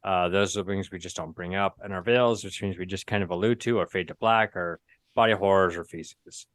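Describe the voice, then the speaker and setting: Hosting a live tabletop game on a video call, a man with a low, fairly even and brisk voice kicks off the show with casual talk. His slightly bright delivery, recorded with no echo, is rambling and filler-heavy, full of self-corrections and restarts.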